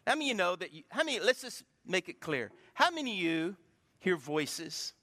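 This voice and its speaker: Fairly quick and sharp in tone, this high male voice swings widely in pitch while preaching a sermon. As pastor he calls out questions for the congregation to answer, heard through the long hall reverb of a church.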